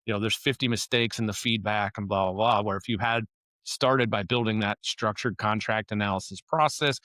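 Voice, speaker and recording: Man, low-pitched, dry recording, casual interview guest, talks with restarts. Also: steady tone, moderate pace, bright, forceful tone, no echo. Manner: conversational, restarts and "you know" often. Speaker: construction operations consultant, podcast guest.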